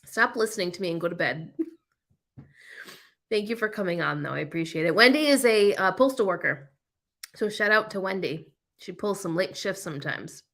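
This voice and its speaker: A woman's voice: mid-range voice, lively intonation, normal speed, a bit bright. A woman hosting a casual reseller livestream, chatting and laughing often with frequent ums as she reads viewer comments. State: coughing, eyes watering. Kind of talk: casual live chat reading viewer comments.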